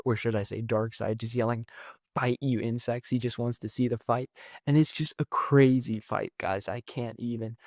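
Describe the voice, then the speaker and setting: Excitable man recapping a comic, dry sound. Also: medium pitch, no room sound. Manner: excitable, rambling, quotes characters with "he's like". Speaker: comics recap channel host. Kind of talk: casual comic book recap.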